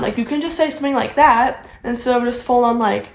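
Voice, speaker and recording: A young woman vlogger chats through a story in a high voice, rambling and leaning on "like" between phrases. The room around her is echoey. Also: a little fast, hardly any pauses. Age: young adult. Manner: rambling, heavy use of "like". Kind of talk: casual storytime chat.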